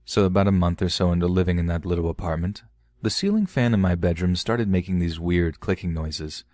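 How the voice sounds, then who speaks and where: Deep-voiced man casually telling a scary story. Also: brisk, a little mellow. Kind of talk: first-person horror story narration.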